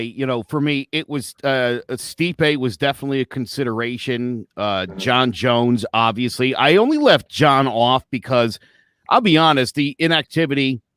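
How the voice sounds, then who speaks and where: A man co-hosting a sports podcast, explaining his picks in halting casual talk with many restarts. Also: medium pitch, fairly bright tone, dry recording, studio quality. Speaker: podcast co-host.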